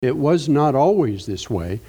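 A middle-aged male preacher teaching through scripture at an unhurried, measured pace. His voice is mellow and warm, never sharp. He leans on key words to drive each point home. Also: mid-range voice, very animated, slightly rough. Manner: slow, deliberate, stressing key words. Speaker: pastor. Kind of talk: sermon Bible study.

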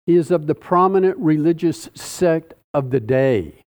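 A man preaching a sermon, teaching slowly and deliberately through a Bible passage with dramatic pauses. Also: a little high, expressive, darkish tone.

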